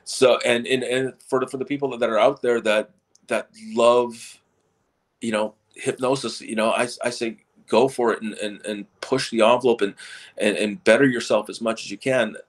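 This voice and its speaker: A man's voice: medium pitch, fairly even intonation, moderate pace. A middle-aged man, a stage hypnotist, telling stories in a casual interview and often repeating and restarting his words.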